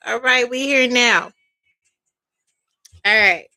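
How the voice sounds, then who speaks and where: A woman's voice: high voice, a little slow, pushed and bright, rough recording. A woman giving a casual tarot reading as a psychic, chatty and peppered with "all right" and "okay".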